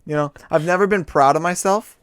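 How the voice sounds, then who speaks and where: A man's voice: on the high side, fairly quick, a bit bright, clear, resonant tone, no room sound, clean studio sound. A man co-hosting a podcast in casual chat, exaggerating dramatically and laughing often. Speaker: podcast co-host.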